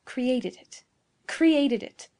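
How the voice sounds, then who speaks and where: A woman voicing a troubled young man who mutters his lines low and intensely in a storybook reading. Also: little pitch movement, measured pace, a little mellow. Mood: brooding.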